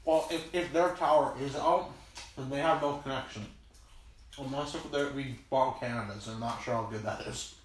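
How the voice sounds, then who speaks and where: A man's voice: medium pitch, fairly even intonation, moderate pace. A young man hosting a casual chat, rambling with lots of fillers and restarts. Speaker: podcast host. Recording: roomy, distant mic with background noise.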